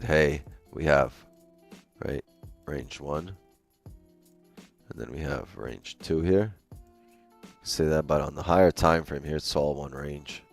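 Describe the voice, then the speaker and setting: Deep-voiced casual trading streamer. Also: male voice, vocal fry. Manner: laid-back, joking, swears freely. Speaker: trading livestream host. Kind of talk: casual live-stream commentary.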